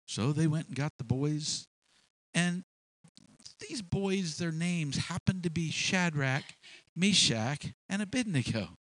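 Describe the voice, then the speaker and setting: A man retelling a Bible story in casual, animated speech, often repeating words as he goes. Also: a little high, a little slow, dry recording, poor audio.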